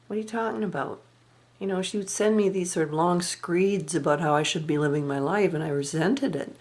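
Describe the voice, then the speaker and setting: A woman's voice: low voice, fairly quick, a little mellow. A woman telling a personal story in a candid, rueful and reflective way, sighing now and then. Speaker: vlogger.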